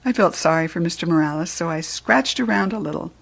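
A woman reading a children's chapter book aloud with playful, expressive narration. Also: fairly low pitch, quick pace, vocal fry. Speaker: reader.

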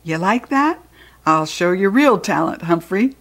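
A woman's voice: fairly low pitch, lively intonation, measured pace, fairly bright tone. A woman reading a jolly janitor man. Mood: jovial. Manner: jovial, chatty, teasing. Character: cheerful jokey male school janitor, middle-aged. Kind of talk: storybook read-aloud.

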